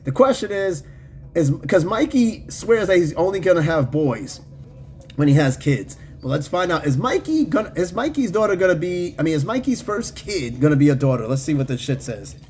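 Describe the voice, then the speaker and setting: High-voiced slangy man hosting a podcast. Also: sing-song, normal speed, darkish tone. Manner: loose, slangy and profane, with frequent fillers and laughs. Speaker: podcast host. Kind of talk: casual chat with live chat readers.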